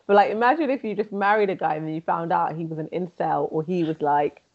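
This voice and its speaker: A woman's voice: on the low side, fast talker, lo-fi sound. A young woman co-hosting a podcast in casual chat, full of "like" fillers. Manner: casual, many "like" fillers, laughs often. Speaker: podcast co-host.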